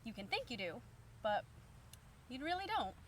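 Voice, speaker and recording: A woman's voice: on the high side, big pitch swings, moderate pace. A woman in her thirties, a stay-at-home mom, telling a story to camera in a chatty, upbeat way full of fillers. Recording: distant mic, faint background hum.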